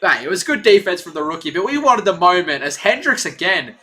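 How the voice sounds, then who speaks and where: A young man hosts a live basketball stream with rambling, chatty commentary. His voice sits high and bright, and it swings widely in pitch as he gets excited. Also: fairly quick. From Australia. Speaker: livestream play-by-play host.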